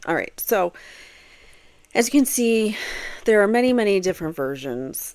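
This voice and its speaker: A woman's voice: mid-range voice, measured pace, a little mellow, no echo. A woman hosting a true crime show, talking casually through court testimony and thinking aloud with plenty of fillers. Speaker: true crime podcast host. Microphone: home computer setup.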